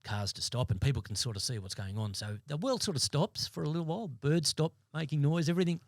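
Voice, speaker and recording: An Australian man in his fifties, a former police sergeant, telling his story as a podcast guest in a blunt, halting way with many restarts. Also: a little high, animated, no echo, clean studio sound. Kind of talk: interview storytelling. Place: podcast studio.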